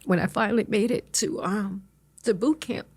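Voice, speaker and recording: A middle-aged woman telling her life story as an interview guest, earnest and halting, with many restarts. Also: mid-range voice, breathy edge, no room sound.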